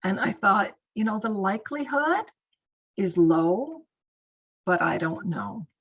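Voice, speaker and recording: A middle-aged woman of medium pitch talks slowly with lively intonation, her voice slightly rough on a rough recording. Guest speaking on crisis intervention in a video-call training, she tells stories in a warm, chatty manner with many fillers.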